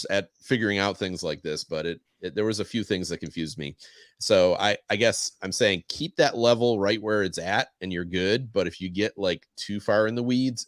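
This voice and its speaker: A man's voice: fairly low pitch, dry recording, studio quality. A man co-hosting a podcast, chatting casually about a show and animatedly retelling scenes. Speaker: podcast co-host. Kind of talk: casual discussion.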